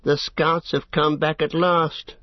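A man doing a higher-pitched orc scout. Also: level tone, slow pace, no room sound. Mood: reporting. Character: male orc scout reporting back. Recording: dull, muffled audiobook recording.

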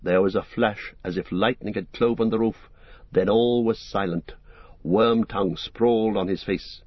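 A male narrator reads an audiobook in a measured, solemn storytelling voice. The recording sounds dull and lo-fi, with a dry, close sound and no room around it. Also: lowish voice, steady tone, slightly rough, no echo.

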